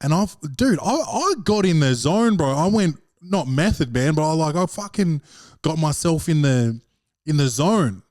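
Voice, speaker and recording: An Australian man with a fairly high voice rambles through a casual podcast monologue. He swears freely and keeps calling the listener "bro." The close mic sounds dry and tight. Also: animated, unhurried, a little mellow, dry recording. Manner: profane, rambling storyteller, slangy with repeated "bro". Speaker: podcast host and stand-up comedian.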